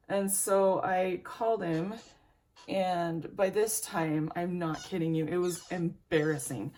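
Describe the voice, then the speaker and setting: A young woman with a low, gravelly voice talks through a rambling, candid story at her makeup table. She chats casually between steps of her routine, drifting a little off the camera mic now and then. A faint hiss sits under the recording. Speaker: beauty vlogger. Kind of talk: chatty get-ready-with-me storytelling.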